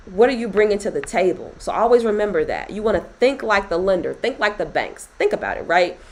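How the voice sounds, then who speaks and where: A woman's voice: medium pitch, low-quality recording. A woman coaching on business credit in a casual talk to camera, chatty and laughing often as she addresses viewers directly.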